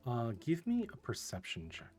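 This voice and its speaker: A man's voice: mid-range voice, wildly swooping pitch, normal speed, darkish tone, soft background music. A man running a tabletop fantasy game as game master, describing scenes vividly and calling for rolls. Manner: vivid descriptive narration, rising intensity in danger.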